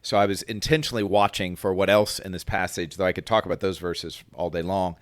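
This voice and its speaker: A man's voice: low voice, steady tone, a little fast, dry recording, clean studio sound. A man co-hosting a casual faith podcast, talking things through reflectively and acting out quoted voices as he goes. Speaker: podcast co-host.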